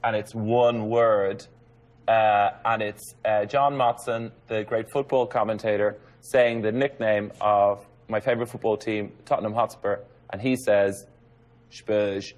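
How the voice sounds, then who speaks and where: A man's voice: on the low side, level tone, a little slow. Wry male comedian. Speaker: comedy panellist. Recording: TV studio with audience.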